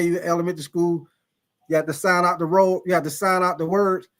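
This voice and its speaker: Young streamer guy, high voice, laid-back slangy delivery, reads chat. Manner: laid-back, loose slang, laughs often. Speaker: live stream host. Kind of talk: casual live stream chat reading viewer comments.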